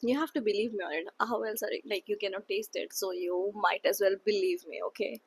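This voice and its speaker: Husky gushing young woman vlogger. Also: medium pitch, steady tone, brisk, low-quality recording. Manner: gushing, chatty, rambling with fillers. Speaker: book vlogger. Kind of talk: casual chat.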